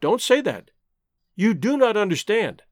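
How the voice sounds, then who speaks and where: A man voicing a refined young Englishwoman in an audiobook reading, speaking in an earnest, pleading, measured way. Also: high-pitched, big pitch swings, no echo, clean studio sound. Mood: urgent.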